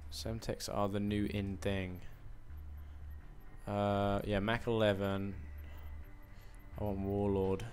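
Young man, put-on American accent, rambling game commentary, fairly low voice, faint music behind. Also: monotone, slow, long pauses, darkish tone. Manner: rambling, self-mocking, fillers and asides. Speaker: gaming commentator.

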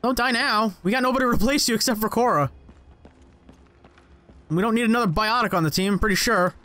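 A young man commentating his gameplay, excitable and sarcastic, swearing and talking back at the game. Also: high-pitched, fast. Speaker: let's play gamer.

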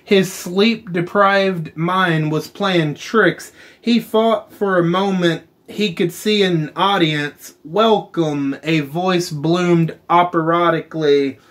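A man hosting a gaming channel, chatting casually over gameplay and slowly reading story text aloud with muttered asides. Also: high-pitched, steady tone, fairly bright tone.

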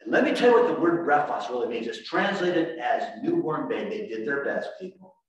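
A man preaching a sermon as pastor, animated, swinging from shouts to quiet asides. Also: a little high, a little fast, lo-fi sound. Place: church sanctuary. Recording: echoey church room from far off.

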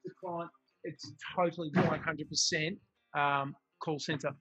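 An Australian man chatting casually on a video call as a comedy co-host, telling quick anecdotes. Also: fairly high pitch, fairly even intonation, sharp tone, breathy edge, dry recording, muffled recording, soft background music.

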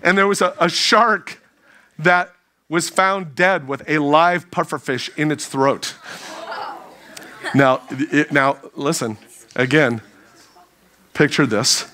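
A man giving a humorous youth sermon to a live audience, playful and animated as he jokes with the crowd. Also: on the high side, slow, pauses often. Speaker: youth speaker.

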